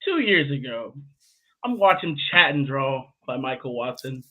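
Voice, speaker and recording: A man's voice: mid-range voice, sing-song, a little slow, narrow, tinny audio. A man hosting a livestream show, hyping up guests and telling stories in playful slangy casual chat.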